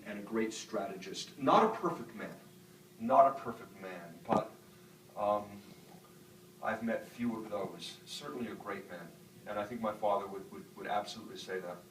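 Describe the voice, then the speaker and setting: In a university lecture hall, a middle-aged man from the northern United States addresses students as an author, telling reflective stories peppered with "um" fillers, followed by audience Q&A. His lowish, slightly bright voice moves at a moderate pace, picked up from afar in the echoey hall with a little background noise.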